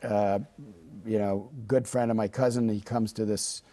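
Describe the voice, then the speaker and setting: A man's voice: lowish voice, fairly even intonation, measured pace, mellow. A man in his fifties from the Midwest, a journalist telling stories in a studio interview, full of fillers and restarts. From Chicago. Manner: hesitant, many fillers and restarts. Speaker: journalist guest. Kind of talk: studio interview, relaxed storytelling.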